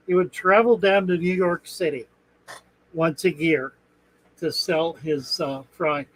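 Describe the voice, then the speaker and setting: Slow-talking husky male live-stream host. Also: on the high side, fairly bright tone, poor audio. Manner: rambling, chuckling, thinks aloud while searching. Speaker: aquarium channel host. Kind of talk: casual live-stream chat.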